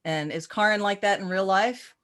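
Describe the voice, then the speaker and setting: A woman practitioner and teacher in a casual interview, telling animated stories and acting out quoted voices with many restarts. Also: medium pitch, normal speed.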